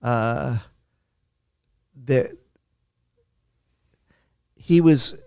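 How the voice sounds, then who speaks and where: A man's voice: medium pitch, extremely slow, gravelly, darkish tone, clear, resonant tone, dry recording, clean studio sound. An older man, a guest author, telling a long story in a conversation and restarting his sentences often.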